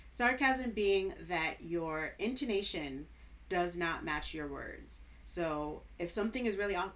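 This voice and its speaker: A woman teacher casually commenting on her old video in a dry, sarcastic, deadpan way. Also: lowish voice, a little slow, a little hiss or hum.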